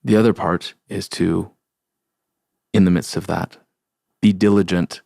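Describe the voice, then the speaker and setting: Young male podcast host, slow searching delivery, dry close sound. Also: low voice, fairly even intonation, gravelly, mellow, no room sound. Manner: slow, halting, searching for words with many fillers; sincere, open about grief. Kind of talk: reflective solo podcast talk.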